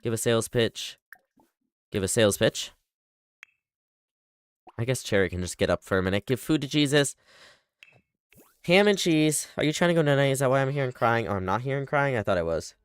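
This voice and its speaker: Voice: medium pitch, animated, a little fast, pauses often, smooth, dry recording. Streamer rambling through a life sim live, bossy and chatty, voice jumps up and down a lot. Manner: chatty, bossing game characters around. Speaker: livestreamer. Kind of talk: casual live gameplay commentary.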